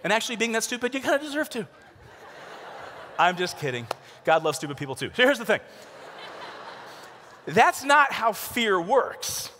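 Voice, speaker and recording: A middle-aged man with a fairly high voice gives a lively, comic talk to a young crowd. He moves between animated storytelling and sincere encouragement. His voice rings with a long reverb through a big arena. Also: moderate pace, pauses often, a little hiss or hum. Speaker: conference speaker. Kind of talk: youth conference talk. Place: large conference arena. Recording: long reverb of a large hall.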